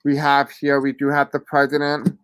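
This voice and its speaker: Live-stream reader, deaf accent, halting and apologetic, smooth clear tone, dry close sound. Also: mid-range voice, monotone, no room sound. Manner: halting and apologetic, many fillers. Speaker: host giving live spiritual readings. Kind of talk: live-stream reading, answering chat questions.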